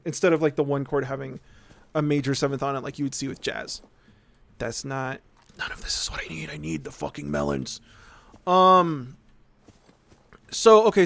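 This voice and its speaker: A man talks through a long, rambling rant while he plays, cursing easily and checking in with his listeners. His voice sits a little high and sounds clean and resonant. The room is dry and close. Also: clean tone, no echo. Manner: rambling, profane, keeps asking "right?". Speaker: streamer. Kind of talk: casual live-stream rant while gaming.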